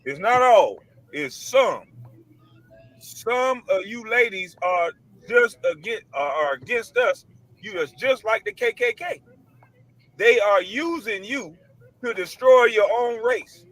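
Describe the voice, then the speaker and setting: Male online commentator, high bright voice, emphatic and preachy, slangy and repetitive, computer mic. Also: very animated, takes it slowly, low-quality recording. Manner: emphatic, preachy, repeats his points; blunt, casual slang. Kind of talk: ranting monologue to camera.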